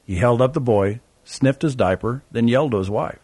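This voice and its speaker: A man's voice: medium pitch, moderate pace, dark tone, breathy edge, dry recording. A man narrating a travel memoir in a wry, sardonic way.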